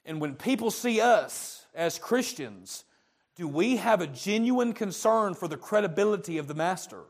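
Emphatic male preacher, slightly high voice. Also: expressive, moderate pace. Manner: emphatic, repetitive, restarts phrases. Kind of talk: sermon.

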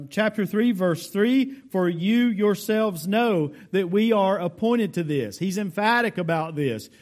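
A man with a notably high voice preaches a verse-by-verse sermon. His delivery is deliberate and explanatory, leaning on key words for emphasis while addressing the congregation directly. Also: a little mellow. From United States. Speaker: pastor. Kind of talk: sermon, verse-by-verse Bible teaching.

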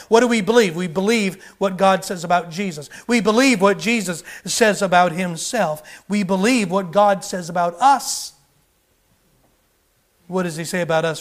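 A man preaching a sermon in a high-pitched voice. He hammers his points home with repeated phrases and asks the congregation question after question. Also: lively intonation, moderate pace. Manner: emphatic, repetitive rhetorical questions.

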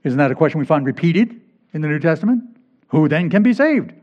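A man's voice: on the high side, sing-song, a little fast. A male pastor preaching a sermon, emphatic and repeating key phrases to drive points home. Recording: dull lo-fi recording.

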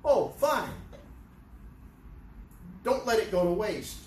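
A man's voice: high-pitched, very animated, slow pace, a little mellow, heavily acted. A man doing an outraged ancient king. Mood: incredulous. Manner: exclaiming incredulous questions, voice climbing. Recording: echoey room, distant mic, faint noise.

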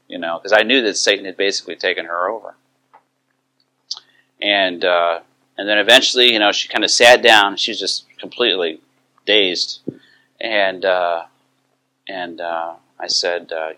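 Man, middle-aged, teacher, conversational, bright tone, fairly low voice. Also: moderate pace, long pauses. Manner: conversational, acts out quoted dialogue. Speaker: biblical counseling teacher. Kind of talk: teaching talk with story.

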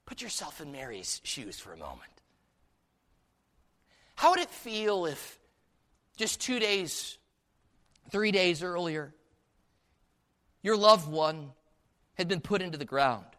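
Male preacher, bright forceful tone, church sermon, rhetorical questions. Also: on the high side, big pitch swings, slow pace, pauses often. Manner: asks the congregation many rhetorical questions. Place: church service.

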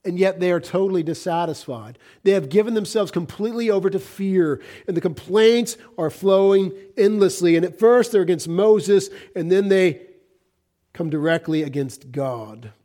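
A man's voice: sits high, normal speed, dark tone. A man preaching a sermon, reading scripture aloud and explaining it in an earnest, emphatic manner.

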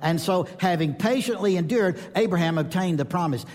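Preacher with a high voice in a hall. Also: male voice, brisk. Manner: animated storytelling, acts out voices in anecdotes. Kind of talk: sermon. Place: church or conference hall. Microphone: speaking to a live audience. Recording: long reverb of a large hall.

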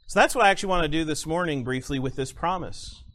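A male pastor preaching a sermon, stressing single words with long pauses and repeating phrases for emphasis. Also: fairly high pitch, fairly bright tone.

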